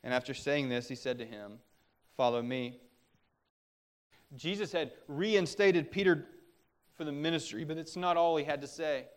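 A middle-aged man delivers a sermon from the pulpit. His voice sits a little high for a man. He speaks earnestly and exhorts his listeners, pressing harder when he warns them. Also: normal speed. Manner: earnest, exhorting, with rising intensity on warnings. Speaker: pastor.

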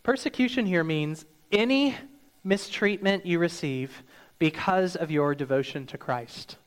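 A man preaching a sermon, acting out hyped quotes and then dropping low and soft for the serious points. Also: measured pace, clear, resonant tone. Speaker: pastor.

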